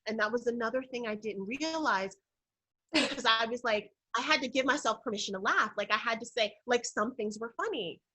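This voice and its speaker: Bright-voiced woman telling stories. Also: a little high, a little fast, poor audio. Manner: expressive, warm storytelling with frequent fillers. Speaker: guest, intuition guide. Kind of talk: conversational podcast interview.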